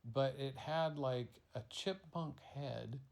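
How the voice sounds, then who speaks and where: A man spins a made-up bedtime story, rambling along casually with fillers. His voice is gravelly with plenty of fry, and he takes it very slow. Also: medium pitch.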